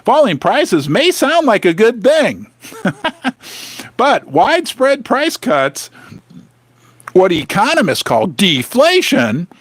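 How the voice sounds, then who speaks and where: A man hosts a livestream, delivering sarcastic, emphatic commentary as he reads the news aloud. His voice sits high and jumps around a lot, and it is recorded dry and close with no room sound. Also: fairly bright tone, husky, dry recording. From United States. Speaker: host.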